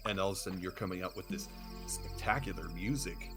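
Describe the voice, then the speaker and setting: A man with a very low, deep voice hosts a casual live game stream. He chats easily and plays out his own past reactions with lively emphasis. Game music runs clearly behind him. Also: quick pace. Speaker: streamer host.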